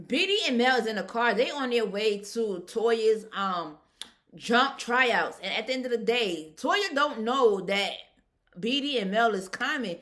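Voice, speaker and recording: A woman giving a casual, animated recap of a reality show episode, chatting colloquially and laughing often. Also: fairly high pitch, measured pace.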